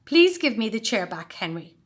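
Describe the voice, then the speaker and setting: A woman's voice: on the high side, big pitch swings, moderate pace. A woman voicing a whiny, goody-goody little boy who snivels and tattles, in a storybook reading.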